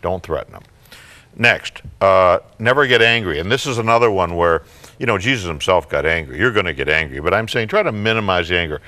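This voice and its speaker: A man's voice: deep voice, lively intonation, fast, bright, forceful tone. An older man, a psychologist guest on a talk show, giving parenting advice in a folksy, joking way.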